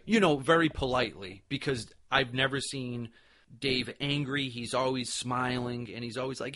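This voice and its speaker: Excited man telling a fan story. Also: medium pitch, brisk. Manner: excited, animated storytelling with fillers. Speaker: podcast host. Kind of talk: casual storytelling recap.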